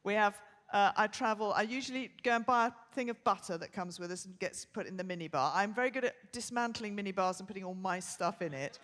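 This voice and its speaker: Older English woman, live podcast co-host: bright, forceful voice, bossy and brisk, long theatre reverb. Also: mid-range voice. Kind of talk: live podcast show chat. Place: theatre stage before a live audience.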